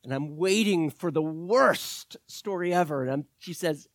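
A man preaching a sermon as pastor, telling personal stories with animated quoted voices. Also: fairly high pitch, measured pace, hardly any pauses, dry recording, clean studio sound. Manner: storytelling with animated quoted voices, rising and loud at peaks.

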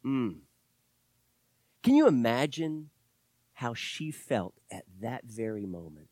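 A middle-aged male pastor preaching a sermon, animated, swinging from loud exclamations to hushed, whispered asides. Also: mid-range voice, slow pace, no room sound.

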